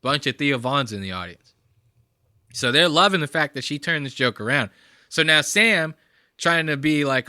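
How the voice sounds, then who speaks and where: Young guy reacting to clips, swears a ton, kinda high and rambly, bright voice, super dry close mic. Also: lively intonation, moderate pace, smooth, dry recording. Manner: loose, profane and rambling. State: high on marijuana. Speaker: reaction video host. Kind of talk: casual reaction commentary.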